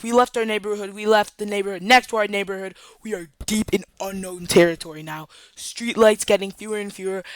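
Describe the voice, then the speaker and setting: A young adult vlogger telling a storytime tale in a casual, dramatic, animated way. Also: mid-range voice, no room sound.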